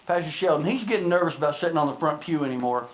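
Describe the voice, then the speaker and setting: High-voiced impassioned male preacher. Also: lively intonation, low-quality recording. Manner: impassioned shouting preacher, repeating phrases; drops into quick, joking storytelling. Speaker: pastor. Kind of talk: sermon. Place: church service.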